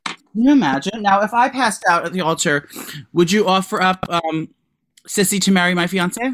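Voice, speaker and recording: A man co-hosting a podcast, chatting casually with a gossipy, animated manner and free swearing. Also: high voice, moderate pace, no echo. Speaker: podcast co-host.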